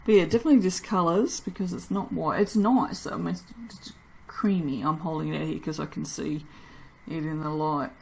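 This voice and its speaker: A woman's voice: low voice, steady tone, a little fast, creaky, warm tone, breathy edge. A woman chatting casually while making and cutting soap, tired and self-mocking, laughing often. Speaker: soap maker. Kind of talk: casual vlog chat while working.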